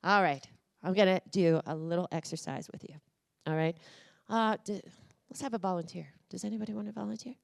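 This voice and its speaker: A woman's fairly low, gravelly voice moves a little fast as she delivers a motivational conference talk. Talking straight to the crowd in the conference room, she energetically coaxes them through voice exercises.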